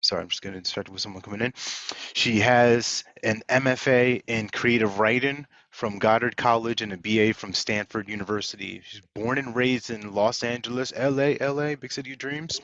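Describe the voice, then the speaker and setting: A man hosting an online session, playful and energetic, reading out audience shout-outs and introducing a guest speaker. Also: on the low side, normal speed, no room sound. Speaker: webinar host. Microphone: video call. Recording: dull lo-fi video call audio.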